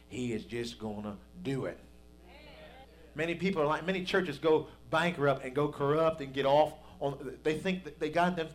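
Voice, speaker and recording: A man preaching a sermon as pastor, in a folksy, conversational way that builds to emphatic peaks. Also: mid-range voice.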